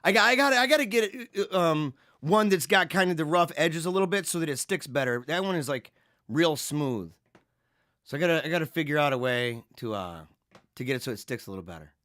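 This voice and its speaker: A man hosting a casual livestream, reading viewer comments and chatting in an animated, laughing way. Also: fairly high pitch, no room sound, studio quality. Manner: animated, laughing, drawn-out slang. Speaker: livestream host.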